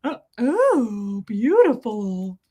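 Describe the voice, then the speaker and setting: A woman's voice: on the high side, sing-song, extremely slow, dark tone, slightly rough, full character voice. A woman playing God the Father, who gushes over how cute her tiny dog is. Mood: adoring. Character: God the Father, doting and adoring.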